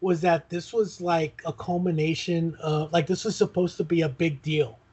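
A man's voice: on the high side, fairly even intonation, normal speed, a little mellow, slightly rough. A man co-hosting a podcast in casual chat, hesitant and full of fillers and restarts. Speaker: podcast co-host.

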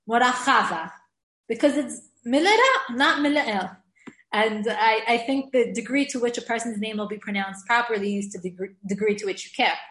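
A woman giving an informal Hebrew grammar lesson, chatty and given to laughing, slowing down to spell out example words. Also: on the high side, fairly bright tone, echoey room.

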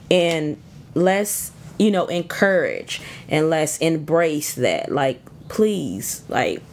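Woman, deep voice, earnest and exhorting, relaxed devotional talk. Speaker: devotional speaker.

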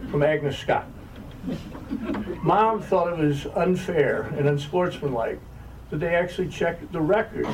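An older man telling wry, self-mocking stories to an audience as an author. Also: fairly high pitch. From American South. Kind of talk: humorous storytelling talk. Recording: distant mic, faint room noise.

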